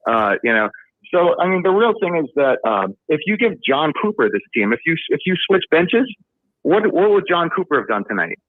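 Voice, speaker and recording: A man's voice: a little high, big pitch swings, moderate pace, dry recording. Agitated male caller on a phone line. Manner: frustrated, emotional rant. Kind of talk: call-in sports talk.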